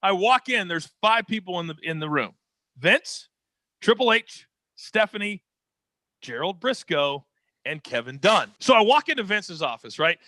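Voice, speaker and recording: A man telling a dramatic story as an interview guest, energetic and expressive, on a close podcast mic. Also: sits high, a little slow, no room sound. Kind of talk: animated storytelling.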